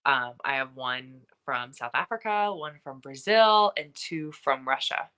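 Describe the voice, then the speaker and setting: A young woman speaking as a podcast guest in casual conversation, talkative and lively, with many fillers and asides. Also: a bass voice, a little slow.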